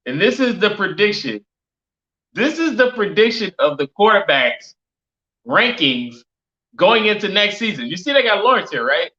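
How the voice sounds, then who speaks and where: A man's voice: high-pitched, sing-song, moderate pace, pushed and bright. A man streaming live, reacting to a football ranking in an exasperated, incredulous rant that keeps repeating itself. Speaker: sports streamer. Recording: roomy, dull lo-fi stream audio.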